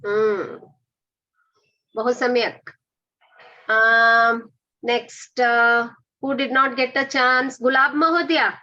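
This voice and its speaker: A woman's voice: on the high side, fairly even intonation, slow, pauses often, bright, forceful tone, highs cut off. A woman teaching an online Sanskrit pronunciation class, patiently correcting and repeating words.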